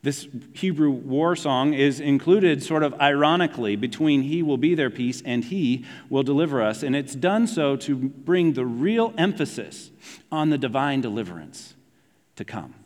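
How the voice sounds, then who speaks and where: A man preaching a sermon in a conversational, animated way, dropping his voice low to stress key points. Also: moderate pace, in a large hall. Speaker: pastor.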